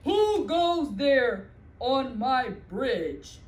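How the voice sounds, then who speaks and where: A woman voicing a grumpy troll under a bridge, slow and menacing, in a roomy echo. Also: sits high, big pitch swings, darkish tone, heavily acted.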